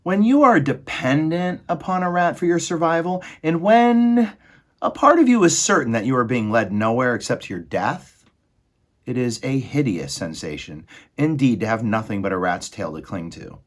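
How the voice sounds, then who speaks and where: A man reading a children's novel aloud in an expressive, dramatic way. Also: medium pitch, moderate pace. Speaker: storybook reader.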